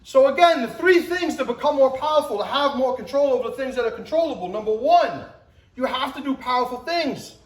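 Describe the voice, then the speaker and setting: Animated and fairly quick, a motivational speaker in his forties acts out little scenes, getting emphatic with rising pitch and shouts. The room is echoey and the recording low quality.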